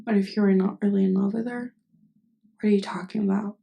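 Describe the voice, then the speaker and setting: A gentle, caring young best friend, played by a woman in a whispered role-play. Her voice is mellow and gravelly with vocal fry, and she speaks softly and hesitantly, half whispering. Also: medium pitch, steady tone, quick pace, lightly acted. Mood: puzzled. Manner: soft, hesitant, partly whispered. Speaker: voice actress.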